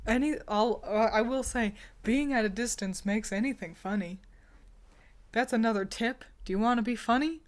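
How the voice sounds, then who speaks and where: A woman's voice: on the high side, normal speed. A woman streamer chatting casually with her viewers, handing out teasing, mock-insulting advice and laughing often. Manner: admits she is bad at whispering. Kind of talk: casual livestream chat.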